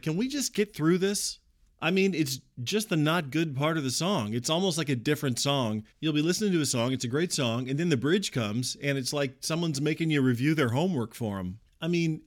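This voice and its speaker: A middle-aged man doing a comic monologue, ranting in an exasperated, incredulous way. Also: mid-range voice. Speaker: comedian.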